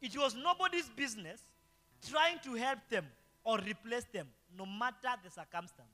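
A man's voice: extremely high pitch, normal speed, bright, forceful tone. A male pastor preaching a sermon, throwing rhetorical questions to the congregation. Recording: long hall reverb with faint guitar.

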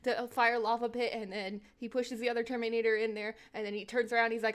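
Rambling, deadpan woman podcast co-host. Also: fairly high pitch, fast talker, hardly any pauses, clear, resonant tone. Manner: rambling, deadpan, plays quoted lines. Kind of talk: casual podcast chat.

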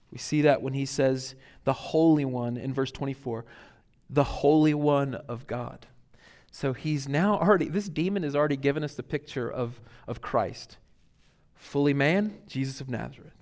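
A man preaching a sermon as pastor, earnest and emphatic, building to loud peaks and then dropping to quiet reflection. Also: fairly high pitch.

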